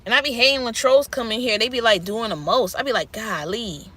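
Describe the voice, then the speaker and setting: A woman's voice: fairly high pitch, fast talker, a bit bright. A woman vlogger ranting candidly and rambling to camera, swearing freely. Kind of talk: unscripted rant to camera.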